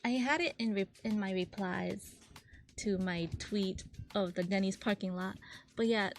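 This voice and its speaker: A woman's voice: medium pitch, a little slow, faint music behind. A young woman streamer in casual chat, telling a story with lots of giggles and quoting the people she talks about.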